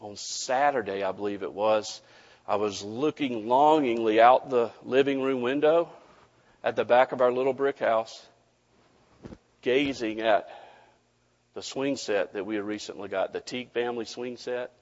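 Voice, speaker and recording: A man preaching a sermon, telling a personal story in a folksy, animated way to his congregation. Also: mid-range voice, moderate pace. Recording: dull audio with long hall reverb.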